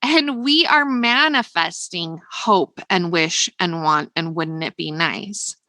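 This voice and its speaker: A woman's voice: lowish voice, slow pace, bright, forceful tone, no room sound. An American woman hosting a motivational podcast, upbeat and emphatic, repeating phrases for stress. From United States. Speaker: podcast host.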